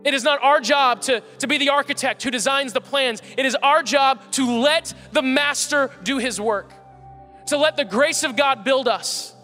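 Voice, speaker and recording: A male pastor preaching an earnest sermon, stacking repeated phrases for emphasis. His voice sits very high and sounds bright and forceful. It carries a long reverb from the church sanctuary. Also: normal speed, faint music behind.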